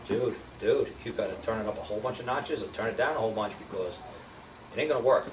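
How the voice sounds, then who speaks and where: A fast-talking older American man with a lowish voice shares life lessons in casual stories for a small group, bluntly and profanely, acting out the voices he quotes. The sound is roomy and distant, with noticeable background noise.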